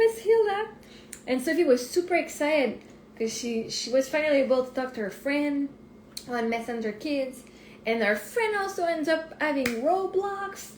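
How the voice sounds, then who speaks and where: A woman speaks in a fairly high voice, rambling and thinking out loud as she coaches on a live stream. She is picked up on a phone mic in a room that echoes around her, and a faint hiss runs under her words. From Canada. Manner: rambling, excitable, thinks aloud. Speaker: life coach. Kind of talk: casual live-stream monologue. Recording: roomy echo.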